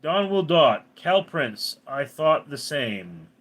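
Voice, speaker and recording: A man's voice: fairly high pitch, slow. A man hosting a casual livestream, reading out commenters' names and chatting back to them. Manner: reads commenter names then answers, animated.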